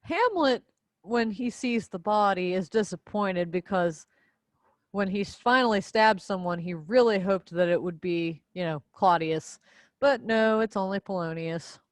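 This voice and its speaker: A woman's voice: mid-range voice, measured pace, no room sound. A young woman casually and playfully summarizing a play for a class video. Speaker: student presenter.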